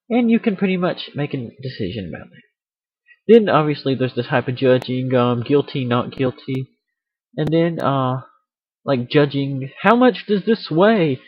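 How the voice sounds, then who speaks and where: A man's voice: medium pitch, breathy edge. A man hosting a casual rant video, rambling and joking about himself as he goes, recorded on a computer mic. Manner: rambling, self-aware, jokey. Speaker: video host. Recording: dry, dull computer mic audio.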